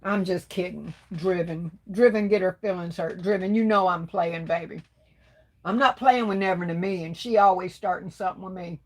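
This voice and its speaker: A woman's voice: on the low side, moderate pace. A woman hosting a craft livestream, reading viewer comments aloud and chatting back with endearments like baby and darling. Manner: warm, affectionate, calls viewers baby and darling. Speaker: livestream host.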